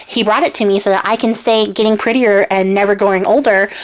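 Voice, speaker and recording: A woman's voice: mid-range voice, fairly even intonation, fast, close to an everyday voice. A woman voicing a beautiful, self-assured young princess who chats in a casual, offhand way.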